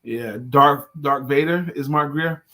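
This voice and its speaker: A man's voice: medium pitch, measured pace. A man co-hosting a live talk show, chatting casually and joking in colloquial speech. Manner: lively, animated, colloquial, joking. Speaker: co-host and sales coach.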